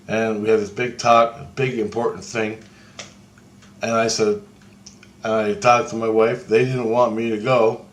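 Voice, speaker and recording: A man telling a rambling, profane first-person story of a vision, excitably acting out what others said to him. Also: on the low side, measured pace, slight background noise. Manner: profane, excitable storytelling that acts out quoted voices.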